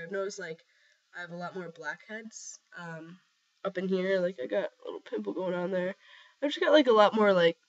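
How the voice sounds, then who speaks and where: A young man with a voice roughened by a cold, rambling casually with lots of fillers in a personal video diary. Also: high-pitched, a bit bright. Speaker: vlogger. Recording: slightly dull lo-fi sound.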